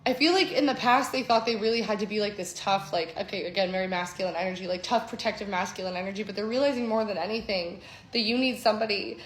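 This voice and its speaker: A woman's voice: mid-range voice, fast talker. Woman, tarot reader, flowing reflective delivery, echoey room, faint hum behind. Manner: flowing, reflective, often checks in with "okay?". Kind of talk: intuitive tarot reading.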